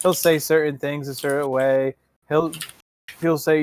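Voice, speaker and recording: A man on a voice chat, rambling and animated as he tells a story, often restarting his sentences. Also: a little high, unhurried, slight background noise. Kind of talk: casual voice chat.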